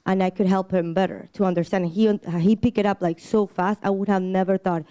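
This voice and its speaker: A woman who speaks English as a second language, a church member giving a casual personal testimony in a halting way, with many restarts. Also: medium pitch, steady tone, dark tone, clear, resonant tone. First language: not English.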